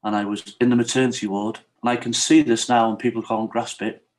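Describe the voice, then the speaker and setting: A man's voice: mid-range voice, steady tone, fairly quick. A middle-aged man from Wales, a podcast guest telling his personal story in an earnest, confessional way. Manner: earnest, confessional, leans on "yeah" and "I said".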